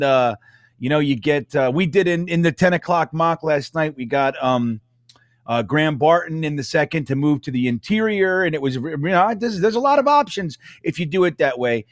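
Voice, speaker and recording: A man co-hosting a casual sports podcast, rambling and excitable with lots of fillers. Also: on the high side, normal speed, dry recording, clean studio sound. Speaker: podcast co-host.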